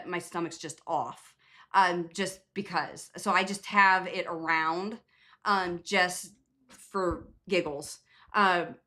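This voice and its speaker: A woman's voice: medium pitch, bright, forceful tone. Chatty rambling woman on a livestream. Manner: chatty, rambling, many fillers and restarts. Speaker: nurse practitioner hosting a live Q&A. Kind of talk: casual livestream chat.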